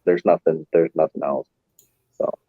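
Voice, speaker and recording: A man's voice: rumbling low, steady tone, moderate pace, husky, no room sound. A man hosting a casual livestream chat, rambling along and chuckling often. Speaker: livestream host. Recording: dull, muffled stream audio.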